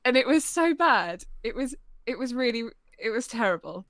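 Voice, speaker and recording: A woman from the chats through a long, self-mocking story, talking over an online call. Her voice sits a little high and she leans on fillers. The sound is dry and close, with no room echo. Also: sing-song, normal speed, fairly bright tone. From near Leicester, England. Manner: chatty and self-deprecating, many "like"s and fillers. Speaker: guest storyteller on a live-streamed chat show. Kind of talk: casual anecdote telling. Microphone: home microphone over an online call.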